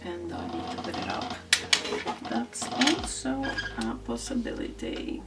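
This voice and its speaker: Soft-spoken woman rambling self-consciously. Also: on the high side, wildly swooping pitch, a little slow, gravelly. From grew up in the Netherlands from age thirteen. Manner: self-deprecating, rambling, laughs often. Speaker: art vlogger. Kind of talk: casual chat while coloring. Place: indoors at a desk. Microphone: camera overhead, some distance away. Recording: distant camera mic with music behind. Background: soft background music.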